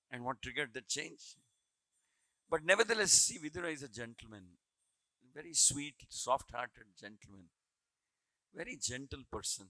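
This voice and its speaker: A man's voice: medium pitch, normal speed, bright, forceful tone, no echo, poor audio. A man giving a devotional scripture class, earnest, repeating phrases as he retells a story. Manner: earnest, repeats phrases while building a point.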